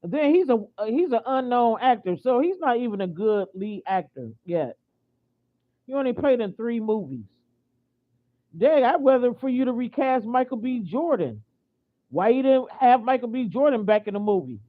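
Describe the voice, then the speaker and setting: A woman's voice: a little high, lively intonation, moderate pace. An American woman ranting in a casual vlog, indignant and repetitive, stopping and restarting her sentences with lots of fillers. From United States. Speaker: vlogger. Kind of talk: casual opinion rant. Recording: tinny phone-like audio.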